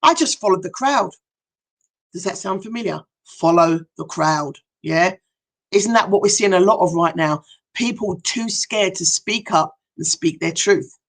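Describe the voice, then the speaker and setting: A woman's voice: on the low side, animated, measured pace. A middle-aged woman, a hypnotherapist and life coach, speaking earnestly and emphatically to viewers on a live stream, often asking them direct questions. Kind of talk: heartfelt motivational live talk.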